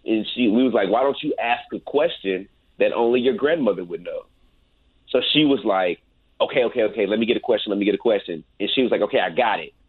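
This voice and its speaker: A laid-back man recounts a story as a guest, peppering his talk with "man." His voice sits fairly low and comes through a tinny, phone-like line with no room sound around it. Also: animated, fast talker, slightly rough, dry recording. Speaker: guest, paranormal investigator. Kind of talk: casual storytelling interview.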